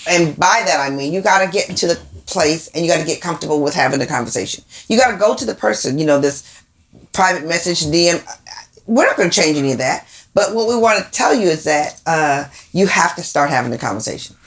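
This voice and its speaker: A woman's voice: deep voice, animated, fast. A woman co-hosting a podcast in casual conversation, emphatic, asking pointed questions. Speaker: podcast co-host.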